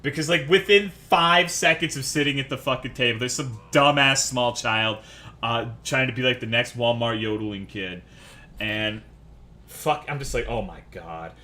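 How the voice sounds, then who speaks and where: A man's voice: medium pitch, normal speed, bright, forceful tone. A man streaming, telling a story as a casual rant, profane, sarcastic and exasperated.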